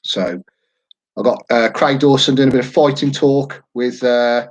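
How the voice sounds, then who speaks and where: A man's voice: medium pitch, measured pace, rough recording. Man, thirties, easygoing online quiz host, rambles and jokes. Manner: chatty, jokey, rambling asides. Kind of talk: casual live-stream chat.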